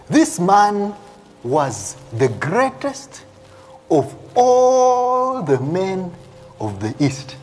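A man preaching a live sermon as a prophet, reading scripture aloud and explaining it, often ending lines with "eh?" and laughing. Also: mid-range voice. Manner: animated preaching with frequent "eh?" tags and laughs.

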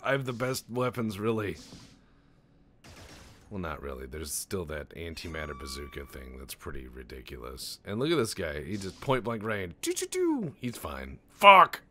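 A man's voice: rumbling low, a little hiss or hum. A man doing rambling, profane, jokey let's-play commentary over a strategy game, tossing in goofy voices. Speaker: gaming channel host.

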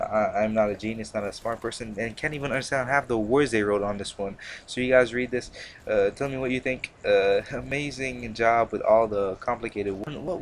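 A man's voice: on the low side, slight background noise. A young man hosting a gaming channel, rambling in casual, slangy commentary full of fillers and restarts. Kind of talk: casual commentary over gameplay.

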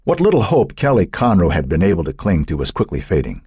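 Brief: male narrator, very deep and husky, lively rises and falls, dramatic measured reading. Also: no echo, studio quality. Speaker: audiobook narrator. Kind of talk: scripted narration.

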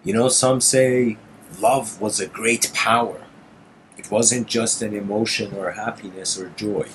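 A man's voice: on the low side, fairly even intonation, measured pace, slight background noise, rough recording. A man lecturing in a casual, meandering storytelling way. He often restarts phrases and adds "you know".

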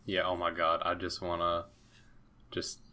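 A man's voice: deep voice, completely flat delivery, unhurried, sharp tone. A man co-hosting a podcast in casual chat, laid-back and teasing, with short reactions. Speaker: podcast co-host.

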